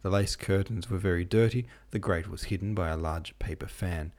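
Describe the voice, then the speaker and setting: Guy narrating an old novel, real deep voice, steady measured reading. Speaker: audiobook narrator and podcast host. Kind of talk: scripted narration of a classic novel.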